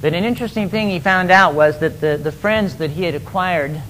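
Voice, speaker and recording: A man's voice: sits high, a little fast, a bit bright, slight background noise, low-quality recording. A man preaching, retelling a parable emphatically and often repeating words as he goes. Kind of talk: sermon storytelling.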